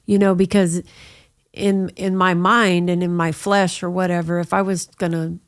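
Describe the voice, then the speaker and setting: A woman's voice: lowish voice, little pitch movement, moderate pace. A middle-aged woman telling her personal faith testimony in a conversational interview, with frequent "you know" asides. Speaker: guest sharing her testimony.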